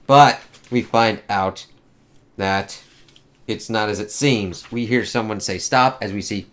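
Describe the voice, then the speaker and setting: A man with a fairly low, fairly even voice, speaking a little slowly, gives a casual comic book review. He rambles, swears often, and fills gaps with lots of "uh" and "like."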